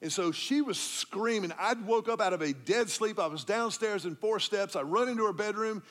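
A middle-aged man, preaching a sermon as pastor and telling a story, dropping to a hush when he quotes himself comforting someone. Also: high voice, normal speed.

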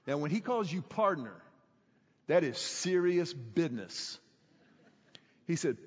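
High-voiced pastor preaching in a hall. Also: male voice, expressive, slightly rough. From Houston, Texas. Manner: emphatic storytelling with dramatic slowdowns. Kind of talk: sermon. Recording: echoey hall, dull sound.

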